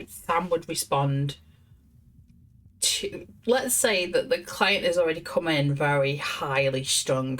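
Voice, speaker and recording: Chatty woman streamer, quick and amused, lower voice. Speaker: streamer playing a therapy game. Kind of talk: live gameplay commentary.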